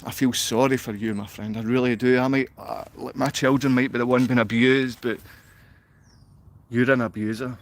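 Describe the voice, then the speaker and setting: A man's voice: mid-range voice, steady tone, moderate pace. Man ranting angrily at his livestream chat. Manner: confrontational, insulting, reading comments aloud. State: downcast. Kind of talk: casual livestream rant.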